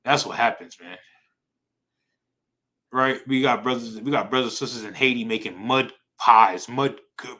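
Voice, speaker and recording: A man's voice: mid-range voice, normal speed, pauses often, sharp tone, poor audio. A man teaching an informal Bible class in a casual, slangy way, often repeating himself and asking "right?" for agreement. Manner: repetitive, emphatic, slangy, asks "right?" often.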